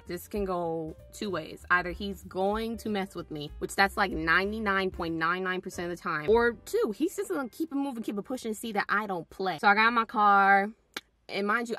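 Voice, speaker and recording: A woman's voice: mid-range voice, sharp tone. A young woman telling casual storytime anecdotes about delivery driving, acting out quotes in shifting voices. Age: young adult. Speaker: vlogger and delivery driver.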